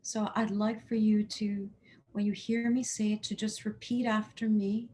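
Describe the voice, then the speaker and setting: Slow, soothing woman guiding meditation. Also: medium pitch, level tone, a little mellow. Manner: slow, soothing, affirming, leads repeat-after-me statements. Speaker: healing meditation guide. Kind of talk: guided chakra meditation.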